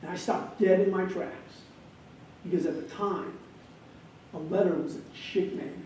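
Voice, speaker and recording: Animated storyteller guy in his 50s giving a keynote, high-ish voice, big echoey room. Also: normal speed. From Wisconsin, USA. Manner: animated storyteller with comic timing. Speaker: keynote speaker. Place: large hall, on stage. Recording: echoey hall, distant mic, faint noise.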